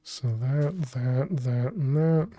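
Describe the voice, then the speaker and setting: During a live stream, a game streamer talks through a build, muttering and restarting sentences while thinking aloud into a desk mic at home. The voice is medium-pitched, slow and dark in tone, with no room sound.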